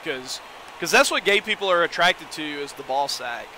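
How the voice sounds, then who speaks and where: A young man chats through a live game stream, joking and talking straight to his viewers. His voice sits high and bright, and there is a faint hum of noise under it. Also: normal speed. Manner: joking, excitable, talks to chat. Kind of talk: casual live-stream commentary.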